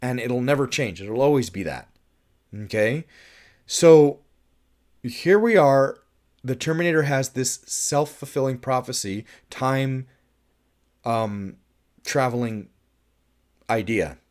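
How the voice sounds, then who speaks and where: A man's voice: mid-range voice, slow pace, long pauses, a little mellow. A man reviewing a film in a casual, musing monologue, thinking aloud with restarts and laughs and briefly acting out quoted lines.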